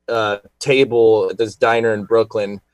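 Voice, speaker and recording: A man's voice: lowish voice, little pitch movement, a little slow. A man co-hosting a radio talk show, chatting in an easygoing way, laughing often and restarting his sentences. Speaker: radio co-host.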